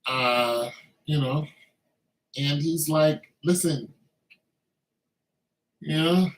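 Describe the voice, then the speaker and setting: Veteran guy vlogging, slightly high voice, easygoing rambling delivery, echoey room. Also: slow. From Braddock, Pennsylvania. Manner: loose, conversational, heavy on filler phrases. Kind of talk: casual commentary monologue.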